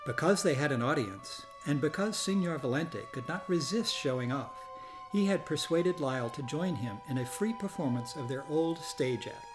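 A man narrating a children's storybook in a gentle, measured way. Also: on the high side, lively intonation. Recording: reading over loud background music.

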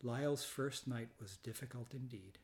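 A man reading a children's storybook aloud in a calm, even storytelling manner. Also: medium pitch, moderate pace, creaky. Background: loud background music.

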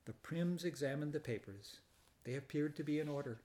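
A man reading a children's storybook aloud in a calm, even storytelling manner. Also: on the high side, a little fast. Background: loud background music.

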